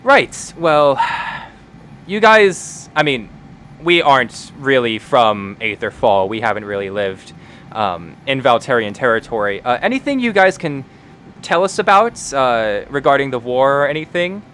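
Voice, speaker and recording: A man doing a polite, curious young tiefling woman, pressing gently with questions in a tabletop game. The voice stays middle-pitched and close to the performer's own. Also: big pitch swings, measured pace, a little hiss or hum.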